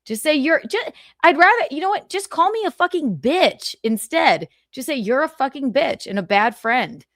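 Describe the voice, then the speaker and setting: A woman's voice: high-pitched, expressive, moderate pace, fairly bright tone, no echo, clean studio sound. A woman hosting a livestream, arguing heatedly with a guest in a sarcastic, mocking, combative way. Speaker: livestream host.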